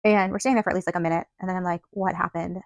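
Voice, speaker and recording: Woman podcaster rattling off a story real quick, lots of "like", dry close sound. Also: on the low side, dry recording, muffled recording. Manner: chatty, animated retelling full of "like" and quoted dialogue. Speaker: podcast host. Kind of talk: casual storytelling monologue.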